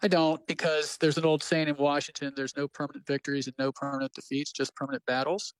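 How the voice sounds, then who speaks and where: A man speaking as a legal analyst guest in a news interview, measured and steady, now and then correcting himself mid-sentence. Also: a little high, no echo, poor audio.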